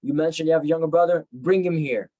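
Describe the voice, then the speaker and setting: A man's voice: fairly high pitch, quick pace, dark tone, lightly acted. A man voicing an ancient male ruler, stern yet guilt-stricken, giving firm, weighty commands. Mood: demanding.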